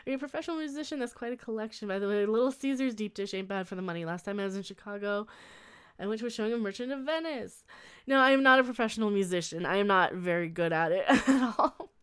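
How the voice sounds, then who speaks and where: A woman's voice: mid-range voice, lively intonation, fast talker, a bit bright, smooth. A young woman hosting a casual livestream from a small room at home, chatting with her chat, rambling, with frequent laughs and restarts. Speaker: livestream host reading chat.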